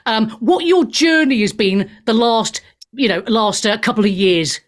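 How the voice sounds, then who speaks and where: A woman hosts a talk radio show from a studio mic. Her voice sits fairly high, and she is brash and irreverent, laughing and swearing as she reacts to the news. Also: measured pace. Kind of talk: opinionated news chat.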